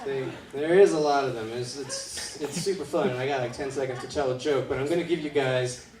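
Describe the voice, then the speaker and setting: A man from Wisconsin doing a stand-up comedy battle set, acting out characters in loud bursts. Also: medium pitch, brisk. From Wisconsin, USA. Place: comedy club stage. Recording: roomy club sound from far off, loud crowd. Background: laughing audience.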